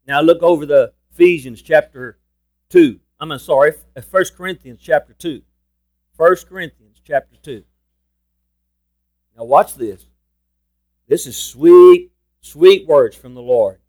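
Male pastor, high-pitched, emphatic sermon delivery. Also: darkish tone. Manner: emphatic preaching, slows down to stress scripture.

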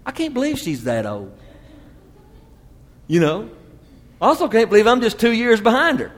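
Man in his fifties, pastor preaching, higher voice, long hall reverb. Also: moderate pace. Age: 50s. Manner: expressive preaching, sweeping from loud emphasis to hushed asides. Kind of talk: sermon.

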